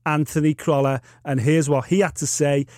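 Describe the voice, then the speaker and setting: A man's voice: fairly high pitch, fairly even intonation, normal speed, a little mellow, no room sound, clean studio sound. Upbeat Liverpool man hosting. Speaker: podcast host. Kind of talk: introducing a boxing podcast.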